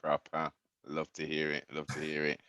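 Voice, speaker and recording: A man's voice: extremely low pitch, completely flat delivery, moderate pace, sharp tone, smooth, no room sound, dull audio. A man hosting a casual interview, giving short replies and asking the guest questions. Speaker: host.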